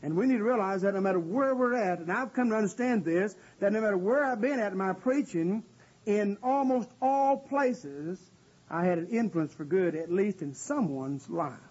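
High-voiced husky male preacher, lo-fi. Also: expressive, moderate pace, a little mellow. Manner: earnest, conversational preaching with frequent "uh" fillers. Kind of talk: sermon with scripture exposition. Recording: dull lo-fi recording.

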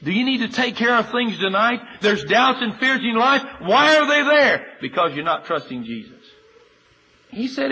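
A man preaching a sermon, earnest and emphatic, moving between loud urging and quiet appeal and citing chapter and verse in steady lists. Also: extremely high pitch, moderate pace, rough recording.

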